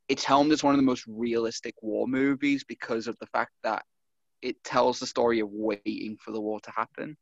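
A man's voice: medium pitch, dry recording. A man on a podcast panel, talking animatedly in a casual chat and swearing freely. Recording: dull lo-fi recording.

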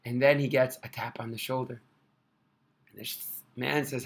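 A man telling an inspirational religious story in an animated, expressive way. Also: mid-range voice, a little slow, vocal fry, long pauses, slightly rough.

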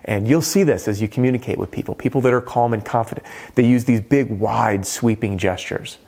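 A man's voice: mid-range voice, fairly quick, creaky, a little mellow. A middle-aged man coaching on roofing sales, talking energetically and shifting his tone and pace to make his points. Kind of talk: coaching monologue to camera.

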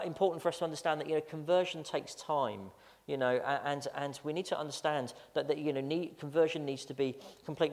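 A man's voice: on the high side, a little mellow. A man preaching a storytelling sermon as pastor, chatty and self-mocking, often stammering out repeated words. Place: church sanctuary. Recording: long church-hall reverb.

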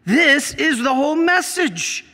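This middle-aged priest preaches his sermon a little slowly but with real animation, his voice unusually high, bright and forceful. He drives his points home and throws questions out to the congregation while the church's long reverb carries each word.

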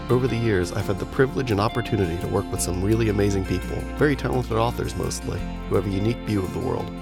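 A man hosting a podcast, reading a brisk, scripted show introduction. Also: fairly low pitch, vocal fry. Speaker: podcast host and publisher. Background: guitar music.

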